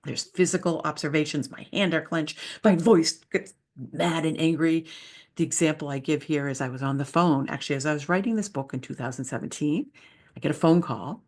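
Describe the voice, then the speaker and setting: A woman's voice: low-pitched, fast talker. A woman who is a leadership speaker and author, giving an enthusiastic, conversational presentation with slides.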